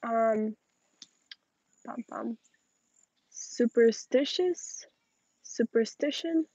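A young woman, tired and yawning, reading viewer questions aloud and chatting back in a relaxed way on a livestream outdoors. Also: on the high side, extremely slow, husky, no room sound, muffled recording. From Russian-speaking family. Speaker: livestream host. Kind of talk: casual livestream chat reading comments.

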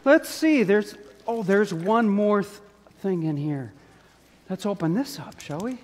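A pastor with a notably high, slightly mellow voice leads a children's sermon from the front of a church, speaking animatedly and a little slowly. Playful and coaxing, he draws the kids in with questions as his voice rings with the sanctuary's long reverb.

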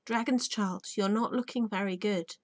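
A woman's voice: medium pitch, fairly even intonation, moderate pace, dry recording, lightly acted. A woman reading aloud as a clever, chatty female bird in a storybook. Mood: exclaiming. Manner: bright, exclaiming.

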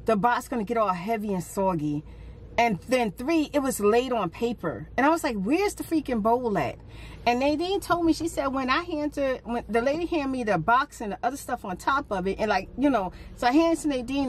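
A middle-aged woman vlogger telling a casual story, relaxed with sighing pauses, her voice jumping up when she acts out what others said. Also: a little hiss or hum. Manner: animated retelling, pitch jumps up for quoted speech.

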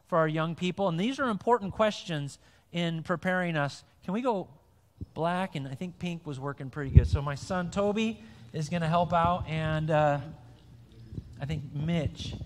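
A man's voice: fairly high pitch, moderate pace, slight background noise. A male pastor giving a conversational sermon in a church, chatty and joking as he quizzes the young people. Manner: chatty, joking, with frequent restarts. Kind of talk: conversational sermon with an interactive quiz. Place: church sanctuary. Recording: long church-hall reverb.

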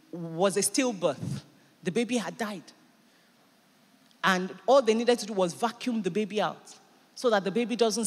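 Woman pastor preaching in church; animated, emphatic delivery that swings loud; voice carries a long hall reverb. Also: mid-range voice. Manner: animated, emphatic preaching with sudden bursts of loudness. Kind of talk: sermon.

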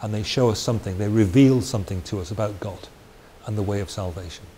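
Speaking at a quick pace in a dark, lowish voice, a Welsh preacher works through a Bible lesson conversationally, pausing for asides and restarting his phrasing. There's faint hiss in the background.

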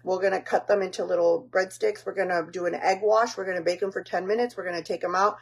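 A woman's voice: lowish voice, steady tone, fast talker. Chatty woman cooking on camera. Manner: chatty, rambling, self-teasing with lots of fillers. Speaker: home cook vlogger. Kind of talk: casual cooking tutorial.

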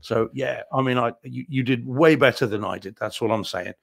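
A man co-hosts a casual chat show, ribbing his friend with dry wit. He speaks slowly and pauses over his words, and his voice has a gravelly texture. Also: mid-range voice. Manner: dry, teasing humor with slow, hesitant phrasing. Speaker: co-host.

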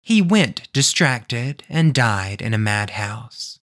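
A man hosting a podcast, reading a classic tale aloud in an expressive way. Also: medium pitch, takes it slowly. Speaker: podcast host and storyteller.

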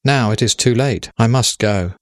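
A man voicing Death as a golden-haired young woman, speaking in a measured, solemn way with pleading questions. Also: mid-range voice, no room sound, clean studio sound, lightly acted.

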